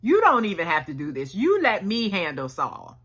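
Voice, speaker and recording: A woman's voice: mid-range voice, huge pitch swings, normal speed, a bit bright, slightly rough, full character voice. A woman voicing an eager, loyal young male soldier who talks in casual slang with brash confidence.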